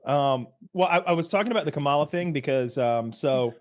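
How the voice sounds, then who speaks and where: A man's voice: fairly high pitch, animated, fairly quick. A man co-hosting a podcast, chatting casually in a rambling, joking way. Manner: rambling, joking, mimics people he quotes. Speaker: podcast co-host. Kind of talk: casual chat.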